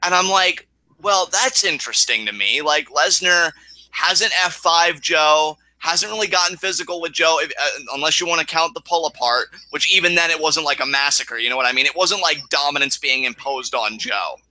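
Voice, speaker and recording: A man chatting casually as co-host, his voice very bright and forward, slightly higher than most men. He rambles emotionally and restarts his sentences often. The sound is dry and close. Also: moderate pace, dry recording. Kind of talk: casual podcast chat.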